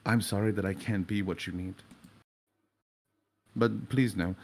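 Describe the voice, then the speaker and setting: A man voicing a calm, gentle young man who speaks softly and consolingly. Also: fairly low pitch. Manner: soft, slow and consoling.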